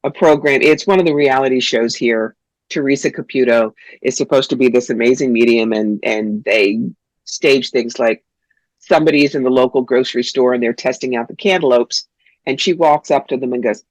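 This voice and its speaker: A woman's voice: very deep voice, a little fast, no room sound, poor audio. A woman from New York, a psychic telling frank, funny stories as an interview guest. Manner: blunt, animated, funny storyteller. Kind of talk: interview, storytelling.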